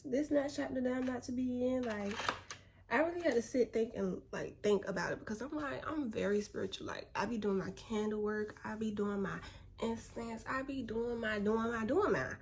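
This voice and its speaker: A young woman in a relaxed, slangy motivational chat, calling her viewers "baby". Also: fairly high pitch, background noise. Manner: laid-back, slangy, spiritual encouragement, calls viewers "baby". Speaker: vlogger.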